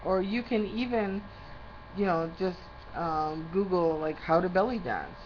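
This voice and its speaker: A woman's voice: on the low side, normal speed. A woman in a rambling monologue. She loses her train of thought and rants indignantly. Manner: indignant, ranting. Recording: slightly muffled with faint background noise.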